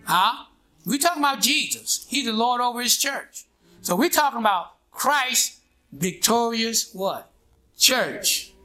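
A man's voice: extremely high pitch, expressive, a little slow, pushed and bright. A man preaching a sermon in a call-and-response style, prodding his congregation with "what?" and "huh?" and waiting for them to answer. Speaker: pastor.

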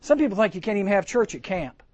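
A man as a camp preacher, quick-talking, animated storyteller, dry close sound. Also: high-pitched, dry recording, muffled recording. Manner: animated, acts out quoted voices. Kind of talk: storytelling sermon to teens. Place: indoor camp chapel.

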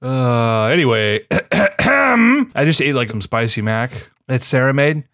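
A man's voice: medium pitch, big pitch swings, slow, vocal fry, a bit bright, dry recording, clean studio sound. A young man co-hosting a podcast in casual chat, joking around and slipping into a put-on Minnesota accent, calling people bud. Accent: mock Minnesota accent. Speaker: podcast co-host.

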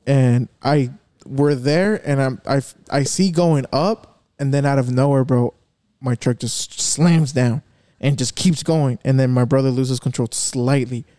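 A man's voice: medium pitch, measured pace, warm tone, no echo, studio quality. A young man telling a rambling, profane story among friends at home, slipping in Spanish phrases. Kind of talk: casual chat among friends.

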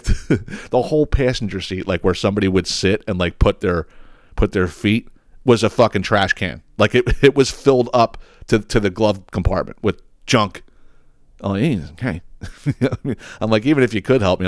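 A man's voice: lowish voice, no room sound, clean studio sound. A man who tells a story casually and with lots of swearing, acting out what people said. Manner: profane, animated storyteller who acts out quotes. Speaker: podcast host.

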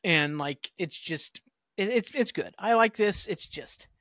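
Chatty man with a higher voice. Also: animated, measured pace, pushed and bright, no room sound. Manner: loose, filler-heavy, with occasional cursing. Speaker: podcast host. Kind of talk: casual rambling episode recap.

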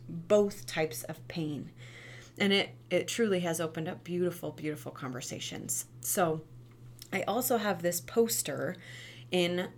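A woman's voice: on the low side, creaky, a little hiss or hum. A young woman talking earnestly about parenting as a mother, chatty and tagging her points with "right?". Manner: earnest, chatty, frequent "right?" tag questions. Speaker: mother sharing parenting advice. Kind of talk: casual monologue.

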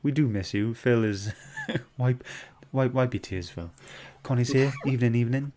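Man, podcast host, casual chat, reads comments aloud, mid pitch. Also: normal speed, a little mellow. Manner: chatty, reads out viewer comments.

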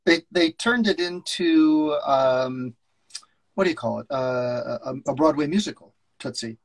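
A man co-hosting a podcast in casual chat, enthusiastic and a little halting. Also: on the high side, lively intonation, poor audio. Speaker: podcast co-host.

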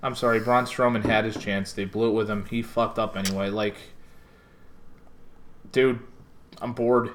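A man's voice: on the low side, fairly even intonation, moderate pace, long pauses, a little hiss or hum. A man from Connecticut co-hosting a casual podcast chat, sarcastic and rambling, swearing often. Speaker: podcast co-host.

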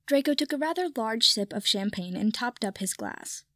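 A woman narrating a piece of fan fiction aloud in a steady storytelling manner. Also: a little high, normal speed, hardly any pauses, dry recording, studio quality. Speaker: reader.

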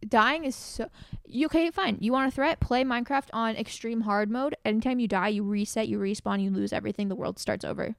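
A woman co-hosting a casual podcast chat with her boyfriend, arguing her points quickly and firmly. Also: a little high, gravelly, no echo, clean studio sound. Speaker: podcast co-host.

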